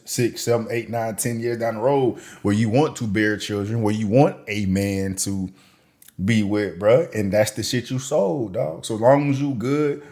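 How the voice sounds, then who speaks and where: A man delivering a reaction commentary, his voice sitting at an ordinary middle pitch. He rants in crude slang, mocking and blunt, swinging between low muttering and loud jeers. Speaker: commentary channel host.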